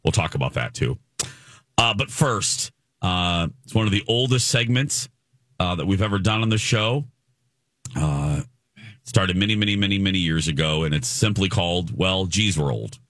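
A man in his forties hosting a radio show, telling a self-deprecating story in an animated way. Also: low voice, normal speed, dry recording, studio quality. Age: 40s. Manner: animated, self-deprecating, mimics people he meets. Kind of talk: casual morning-show storytelling. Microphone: studio microphone.

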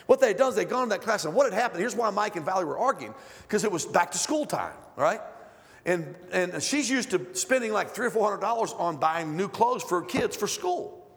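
A middle-aged man preaches to a congregation in a high, carrying voice. He tells stories in a chatty way and then builds to loud, emphatic declarations. His words ring out with a long reverb through a large church sanctuary. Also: animated, fairly quick. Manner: conversational, storytelling, rising to loud emphatic preaching. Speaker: guest preacher. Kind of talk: sermon.

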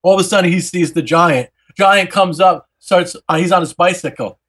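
A man hosting a podcast, telling a wild story in a casual, animated way, swearing freely and acting out every character. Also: high voice, normal speed. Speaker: podcast host.

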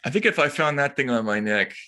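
A man's voice: mid-range voice, lively intonation, quick pace, pushed and bright. A man co-hosting a podcast, chatting casually and reading news stories aloud with wry asides. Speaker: podcast co-host.

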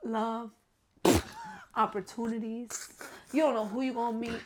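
A young woman co-hosting a casual relationship-advice podcast, talking loudly and animatedly and swearing freely. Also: fairly high pitch, huge pitch swings, unhurried, heavy background noise. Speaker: podcast co-host.

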